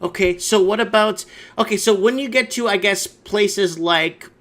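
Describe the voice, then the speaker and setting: A man hosting a call-in show, chatting casually and asking his caller lots of quick questions. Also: high-pitched, fairly bright tone. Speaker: talk show host.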